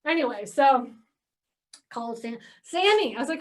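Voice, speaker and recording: A woman's voice: high voice, lively intonation, normal speed, pauses often, recorded from a distance. A woman telling a casual story to an audience about buying storage facilities, chatty and full of "like" and "okay?", acting out her phone calls. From Georgia, US. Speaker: real estate investor speaking at a meeting.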